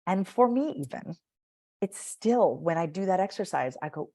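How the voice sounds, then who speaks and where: A woman's voice: mid-range voice, lively intonation, moderate pace, mellow. A woman speaking as a voice and speech coach in a podcast interview, animatedly demonstrating vocal patterns by acting them out.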